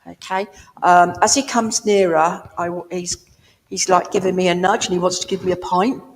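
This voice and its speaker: A woman with a lowish, steady voice speaks at normal speed as she gives a mediumship reading directly to a listener. She's chatty and down-to-earth, and the village hall adds a long reverb.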